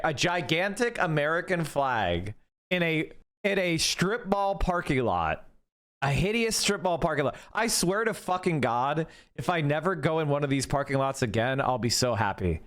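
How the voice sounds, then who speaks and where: A man's voice: fairly high pitch, a bit bright. A man streaming live, reacting to clips with sarcastic, profane commentary for his chat.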